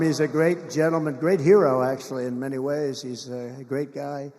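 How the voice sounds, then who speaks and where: A man's voice: fairly high pitch, steady tone, normal speed, creaky, darkish tone. A man speaking as a political candidate in a rambling, boastful and mocking campaign rally speech, with repetitive asides to the crowd. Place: large rally venue. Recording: long reverb of a big rally hall.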